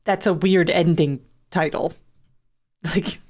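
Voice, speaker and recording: A woman's voice: on the low side, steady tone, slow, darkish tone. A young woman streaming a game, rambling wryly with frequent laughs and the odd swear. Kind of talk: casual game commentary.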